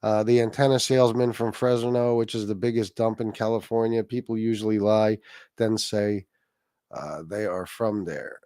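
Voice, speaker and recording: A man's voice: lowish voice, fairly even intonation, moderate pace, dark tone, clean tone, no echo. A man hosting a casual livestream, rambling, swearing freely and reacting to chat comments. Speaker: livestream host.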